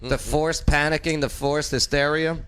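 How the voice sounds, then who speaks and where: A man's voice: on the high side, fairly even intonation, normal speed, a bit bright. A man hosting a casual political talk show, speaking emphatically and often talking over his co-hosts. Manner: emphatic, talks over others. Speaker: host, political commentator.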